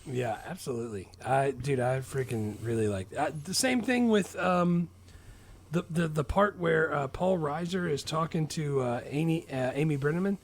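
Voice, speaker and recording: A man's voice: fairly high pitch, normal speed. A man co-hosting a movie podcast, chatting casually and enthusiastically about a film. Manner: enthusiastic, laughs often. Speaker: podcast co-host. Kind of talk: casual movie review chat.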